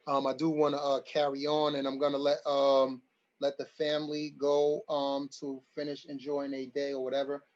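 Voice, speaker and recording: A man's voice: mid-range voice, monotone, normal speed, muffled recording. A man hosting an online community forum, talking emphatically and repeating his lines for stress. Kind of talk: livestream community address.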